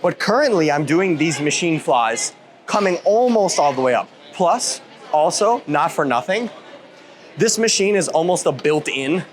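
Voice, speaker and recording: A man in his thirties giving a casual workout tutorial in a gym. He rambles and jokes, with goofy asides and self-interruptions. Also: fairly high pitch. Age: 30s. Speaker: fitness YouTuber.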